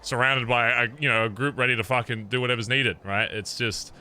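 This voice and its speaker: A man's voice: mid-range voice, fairly even intonation, fairly quick, pushed and bright, slight background noise. A man in character as a biker club leader in a game role-play, swearing constantly and rambling with many fillers.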